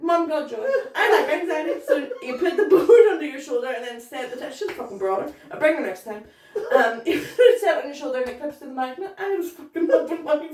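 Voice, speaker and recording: A woman co-hosting a tipsy, casual podcast chat speaks quickly in a high, animated, darkish voice, giggling, rambling and swearing as she tells stories. The room is echoey and the mic sounds distant.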